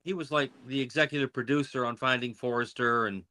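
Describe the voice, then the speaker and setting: A man's voice: medium pitch, steady tone, fast, pushed and bright. A man in a casual chat among comedians, giving rambling, opinionated takes. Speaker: comedian guest.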